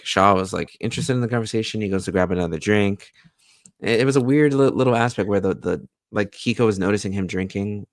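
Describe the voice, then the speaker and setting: A man with a very low, gravelly voice walks through a TV episode in relaxed, casual talk. He slips into the characters' quoted lines as he goes. The sound is dry and close. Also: dry recording. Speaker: podcast co-host. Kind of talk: casual recap chat.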